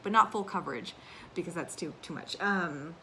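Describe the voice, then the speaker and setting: A woman's voice: lowish voice, normal speed, sharp tone, a little hiss or hum. A woman in her thirties from the United States, chatting casually and animatedly about her sewing projects and laughing at herself. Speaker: crafting vlogger. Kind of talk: casual chat.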